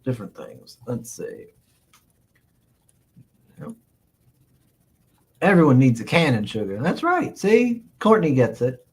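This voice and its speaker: A man's voice: medium pitch, very animated, slow pace, long pauses, darkish tone, breathy edge. A man hosting a casual live stream, reading chat aloud and rambling in reply with frequent chuckles. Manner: rambling, chuckling, lots of "uh, let's see" fillers.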